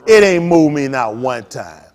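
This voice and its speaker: A middle-aged man preaching as a pastor, telling stories and swinging from low mutters to loud outbursts while acting out what others said. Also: big pitch swings, measured pace. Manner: quotes others in acted voices, repeats phrases. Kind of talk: preaching in a storytelling way.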